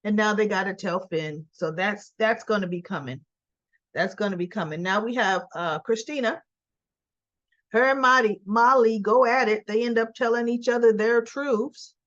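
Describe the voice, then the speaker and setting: A woman's voice: mid-range voice, moderate pace, a bit bright, no echo, dull audio. A woman casually recapping a soap opera episode in a chatty way, often checking in with "right?". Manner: chatty retelling, frequent "right?" and "he goes".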